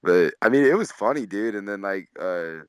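A man's voice: fairly low pitch, animated, normal speed, clear, resonant tone, no room sound. A man, a comedian and tour manager, casually telling road stories, laid-back and swearing often, laughing through them. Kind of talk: casual storytelling.

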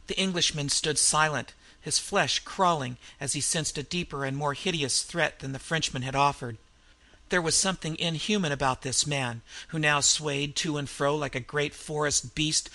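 Man, narrator, dark adventure story reading, bright tone, somewhat high pitch.

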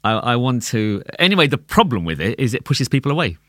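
In a casual guest conversation, a London tabla player sounds animated and laughs often, tending to repeat words as he thinks. His pitch is medium, and the studio-quality audio carries no room sound.

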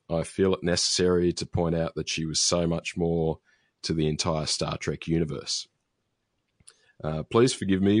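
A deep-voiced man co-hosting a podcast chats casually and reads a listener's email aloud, with many ums and restarts. The studio sound is clean and dry.

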